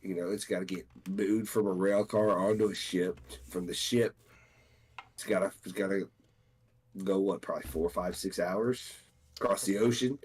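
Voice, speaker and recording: A man's voice: sits low, steady tone, moderate pace, a little mellow, husky. A man from the United States co-hosting a podcast in casual chat, rambling with frequent restarts and fillers. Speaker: podcast co-host.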